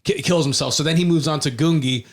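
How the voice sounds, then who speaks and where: A man's voice: a little high, fast. A man appearing as a guest on a podcast, retelling a story in casual chat, quoting characters with many fillers. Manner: animated retelling, quotes characters, hesitant fillers.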